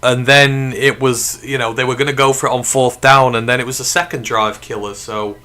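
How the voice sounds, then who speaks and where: A man hosting a live sports watch-along stream. His voice has a forceful, bright edge at a middling pitch. He reacts excitably and flares into outrage at the play, then reads and answers viewer messages in the same animated way. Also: normal speed. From United Kingdom. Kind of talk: live watch-along commentary and chat reading.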